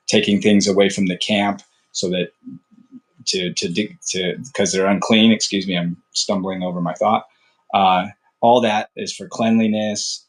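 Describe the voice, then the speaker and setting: A man reading scripture aloud in a steady, measured way, with occasional slips and restarts and brief casual asides. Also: fairly low pitch. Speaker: Bible reader.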